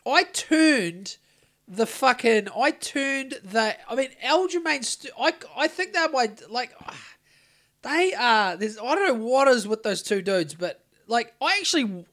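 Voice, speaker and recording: A man's voice: very high-pitched, very animated, measured pace, pushed and bright. An Australian man co-hosting a podcast, telling a long story in a rambling, sweary way with lots of restarts. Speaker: podcast co-host. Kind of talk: casual chat.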